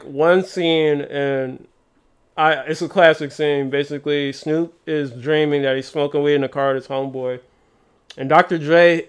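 Laid-back young man with a clear voice. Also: fairly high pitch. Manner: laid-back storytelling, slangy. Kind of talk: casual chat.

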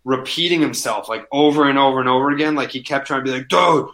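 A man chatting casually as a podcast guest, telling animated stories, swearing freely and saying "like" constantly. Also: medium pitch, quick pace. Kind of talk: casual chat, storytelling.

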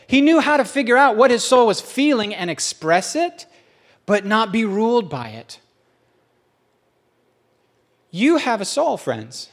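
Man, pastor, sermon, jokey, self-deprecating, chatty, fairly high voice. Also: sing-song, normal speed. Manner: humorous, self-deprecating, conversational.

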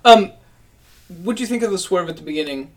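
A man's voice: high voice, expressive, a little fast, a little mellow, poor audio. A man from Pennsylvania chatting playfully and insistently on a podcast. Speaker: podcast co-host. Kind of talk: casual podcast chat.

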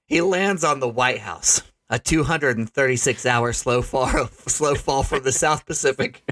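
A man on a comedy podcast narrating his own made-up action movie in animated storytelling, often laughing at his own jokes. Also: mid-range voice, measured pace, no room sound. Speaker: podcast co-host.

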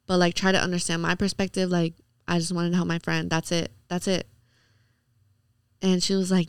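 A woman's voice: fairly low pitch, level tone, brisk, clean tone, no room sound, studio quality. A young woman on a podcast, casually retelling a night out in a chatty way, acting out quoted lines and filling her talk with "like". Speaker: podcast guest. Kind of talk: casual storytelling.

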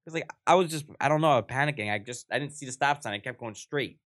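A man's voice: quick pace, fairly bright tone, no room sound, clean studio sound. A man hosting a casual podcast chat, laughing often as he tells stories. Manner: laughing storyteller, jumps into shrill quoted voices. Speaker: podcast host.

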